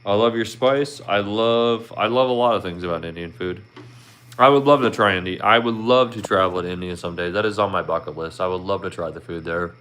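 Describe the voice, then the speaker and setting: A talkative man with a Philadelphia accent, hosting a relaxed live stream and answering viewers' comments as they come in. His voice sits fairly low, and he circles back over his words and asks his viewers plenty of questions. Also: a little fast, slight background noise. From Philadelphia, Pennsylvania. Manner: chatty, asks viewers questions, repeats himself, laughs often.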